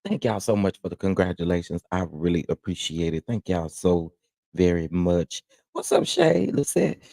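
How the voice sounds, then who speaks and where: A man with a Southern Texas accent hosts a relaxed morning livestream, reading comments and greeting viewers by name. His voice is low and gravelly, with a mellow tone, and his pitch swings widely as he jumps into high, excited exclamations. The sound is dry and close, with no room echo. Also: moderate pace. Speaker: livestream host.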